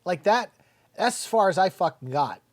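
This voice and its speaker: Middle-aged man, film reviewer, blunt and profane, mocks what he reviews, slightly high voice. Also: big pitch swings, normal speed. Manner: blunt, swears freely, mocking quotes of lines. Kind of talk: casual spoken movie review.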